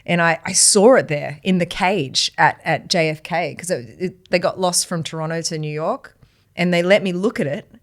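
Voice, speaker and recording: A woman's voice: lowish voice, normal speed. A woman with an Australian accent, a musician guest in a casual podcast chat, laid-back and wry.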